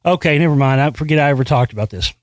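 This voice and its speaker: Racing along in a fairly high voice, a solo commentary host alternates between reading a news article aloud and ranting about it with profanity, frustration, and frequent restarts. The recording is dry.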